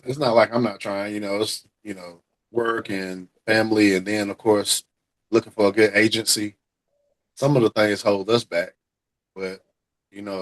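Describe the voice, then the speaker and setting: A man's voice: fairly low pitch, low-quality recording. A man hosting a casual talk podcast, rambling in an easygoing way with lots of fillers. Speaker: podcast host. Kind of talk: casual chat.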